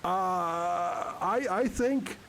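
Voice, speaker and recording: A man's voice: sits high, extremely slow, a bit bright. A man streaming a game live, chatting casually with viewers in a rambling way, full of fillers and restarts.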